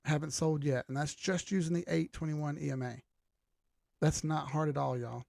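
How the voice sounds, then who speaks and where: A man's voice: on the high side, steady tone, moderate pace, creaky, warm tone, no echo, clean studio sound. A man hosting a casual livestream about charts, loose and joking as he reads chat, his voice strained and starting to crack. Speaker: host of a live chart analysis stream.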